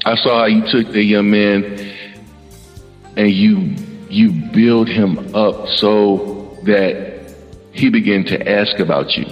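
A man's voice: fairly low pitch, steady tone, slow, pauses often, long reverb tail, dull audio, faint music behind. Effusive man hosting a podcast panel. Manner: effusive, heartfelt praise with repeated words. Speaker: podcast host. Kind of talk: emotional panel introduction.

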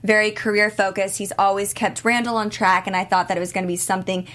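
A woman on a panel in a casual chat, enthusiastic and quick to agree. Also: medium pitch, little pitch movement, fairly bright tone.

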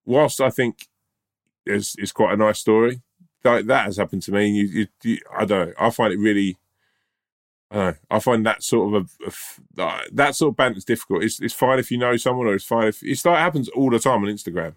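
Deep-voiced man chatting. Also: fairly quick. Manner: chatty, full of restarts and quoted voices. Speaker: podcast co-host. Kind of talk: casual chat.

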